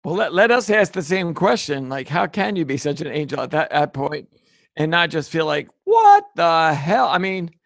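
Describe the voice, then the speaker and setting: A man's voice: fairly high pitch, moderate pace, gravelly, a bit bright, no room sound, clean studio sound. A man interviewing a guest, asking probing follow-up questions.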